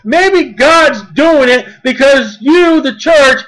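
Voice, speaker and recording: A man preaching a sermon, blunt and folksy, mocking at times and rising to shouts. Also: very high-pitched, animated, takes it slowly, hardly any pauses, poor audio.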